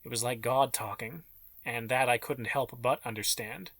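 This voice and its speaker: A man's voice: medium pitch, fairly even intonation, normal speed, gravelly, fairly bright tone, breathy edge, dry recording. A man reading an audiobook in scripted, dramatic narration.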